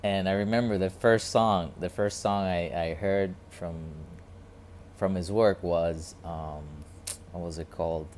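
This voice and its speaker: A man with a very low voice muses in a casual, reflective vlog, halting and repeating himself as he searches for words. A faint noise hums behind him. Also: steady tone, a little mellow. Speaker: vlogger.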